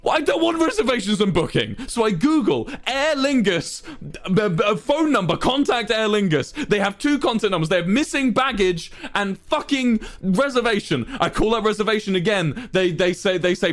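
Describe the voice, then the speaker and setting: A young man streaming and telling his chat a long story in an exasperated, swearing, animated rant. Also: high voice, normal speed. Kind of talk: casual storytelling to a live chat.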